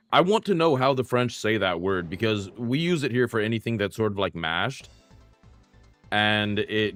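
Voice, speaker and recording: A man's voice: on the low side, lively intonation, normal speed, a bit bright. A young man streaming a retro game, chatting casually and self-deprecatingly with his viewers while he plays. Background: faint game music.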